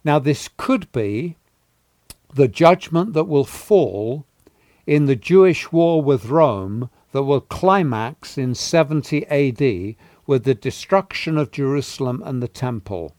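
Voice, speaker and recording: A man giving a sermon, teaching through a Bible passage in a measured way with pauses and fillers, rising to emphasis on key words. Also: medium pitch, lively intonation, darkish tone, no room sound, clean studio sound. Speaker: preacher teaching on a Bible letter.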